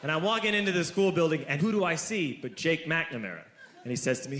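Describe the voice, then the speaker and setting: A man in his thirties telling a stand-up story, animated and shouting the punchlines. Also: a little high, fast, roomy sound. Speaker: stand-up comedian.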